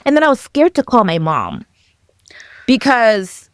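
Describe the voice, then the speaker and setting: A young adult woman telling her own story as a podcast guest, animated and acting out the voices of the people in it, laughing often. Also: on the high side, unhurried, dry recording, clean studio sound. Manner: animated, acts out quoted dialogue, laughs often. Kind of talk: personal storytelling.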